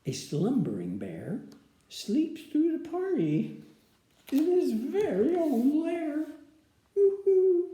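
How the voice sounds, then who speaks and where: A woman reading a picture book aloud in an expressive, sing-song way. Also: sits high, takes it slowly. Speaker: storyteller. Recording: echoey room.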